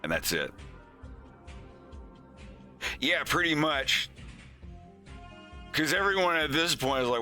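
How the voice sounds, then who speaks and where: A man's voice: fairly high pitch, big pitch swings, slow, long pauses, bright, forceful tone, faint music behind. A man hosting a casual animation progress stream, rambling with many restarts and casual swearing. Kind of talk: casual live-stream chat.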